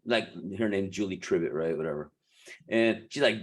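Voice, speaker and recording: A man coaching beauty professionals in a casual, animated way, laughing often and restarting his sentences. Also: medium pitch, moderate pace.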